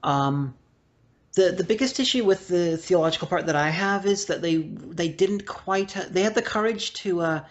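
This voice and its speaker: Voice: mid-range voice, moderate pace. A podcast speaker discussing a film casually, hesitant with many restarts and fillers. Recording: dull lo-fi audio.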